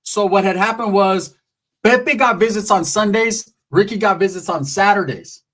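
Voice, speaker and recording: A man's voice: sits high, normal speed. A man telling a profane, rambling comic story. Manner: profane, rambling, animated with voices. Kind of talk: comedic storytelling.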